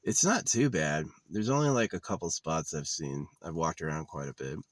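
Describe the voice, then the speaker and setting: A young man with a very deep voice rambles through a cynical, profane monologue. He swears freely and jumps from one grievance to the next. It's a vlog recorded outdoors, with a dry sound and no room echo. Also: big pitch swings, normal speed. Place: outdoors in a wooded area.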